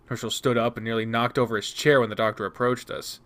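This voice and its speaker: Man, game reader, visual novel narration, expressive, mid-pitched voice. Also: fast. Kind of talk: reading a visual novel aloud.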